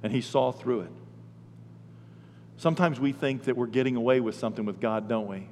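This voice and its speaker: A male pastor preaching a sermon in a folksy, animated storytelling way. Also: mid-range voice, brisk, slight background noise. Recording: long hall reverb.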